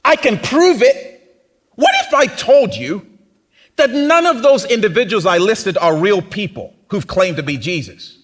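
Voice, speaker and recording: A man's voice: sits high, expressive, measured pace. A man preaching a sermon as pastor, talking conversationally and acting out other people's voices. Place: church.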